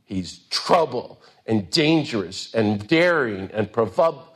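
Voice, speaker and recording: An older man giving an earnest, impassioned talk, climbing to emphatic peaks and then dropping quiet. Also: medium pitch, expressive, takes it slowly, husky. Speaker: speaker on nonviolence.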